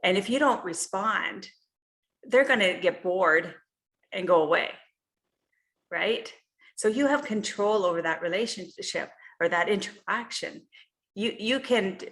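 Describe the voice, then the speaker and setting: A woman's voice: lowish voice, a bit bright. Woman coaching a group over a video call. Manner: conversational, with frequent "you know" and "right?" check-ins. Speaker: health and life coach. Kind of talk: online group coaching session.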